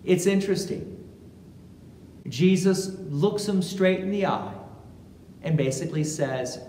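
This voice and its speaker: A pastor preaching a sermon in a church, speaking slowly and deliberately and acting out quotations with animation. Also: mid-range voice, warm tone, a little hiss or hum. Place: large church sanctuary. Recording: echoey church hall with long reverb, faint ambience.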